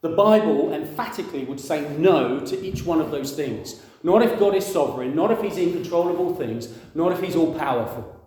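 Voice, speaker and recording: A man's voice: a little high, lively intonation, normal speed, hardly any pauses, a little mellow. Conversational man preaching, echoey room. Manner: conversational, asks the audience questions, acts out quoted voices. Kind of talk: sermon.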